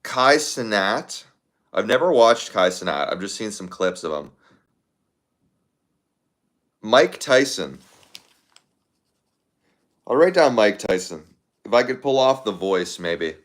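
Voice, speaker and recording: A man hosting a casual livestream, reading viewer comments aloud in a fairly low voice. He talks offhandedly, thinking out loud with plenty of fillers and repeated words. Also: big pitch swings, measured pace, long pauses. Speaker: livestream host.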